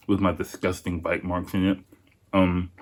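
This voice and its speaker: Low-voiced, profane podcast host. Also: male voice, flat delivery, slow pace. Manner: profane, rambling, chatty. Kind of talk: casual food-tasting podcast chat.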